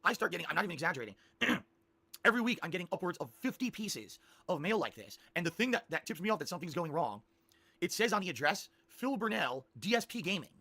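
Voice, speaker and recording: A man telling a long rambling story to his stream viewers, animated and repeating himself. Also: sits high, fast, creaky, no room sound.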